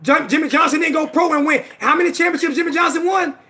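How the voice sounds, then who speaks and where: High, bright-voiced man in heated argument. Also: fast, slight background noise. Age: 40s. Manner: argumentative, loud, repeats himself for emphasis. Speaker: host. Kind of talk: heated sports trash talk.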